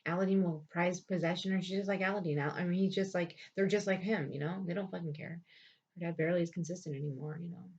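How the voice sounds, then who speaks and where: Frank, foul-mouthed woman storyteller; lower register, muffled lo-fi recording. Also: steady tone, quick pace, a little mellow, husky. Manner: blunt, frustrated, profane. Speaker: vlogger telling her life story. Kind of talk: candid storytelling, heavy swearing. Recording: dull lo-fi sound.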